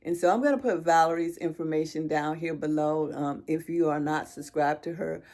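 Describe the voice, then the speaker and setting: Low, gravelly-voiced woman sharing grief. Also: a little mellow. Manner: emotional, halting, with pauses and restarts. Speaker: vlogger. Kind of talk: heartfelt personal chat to viewers.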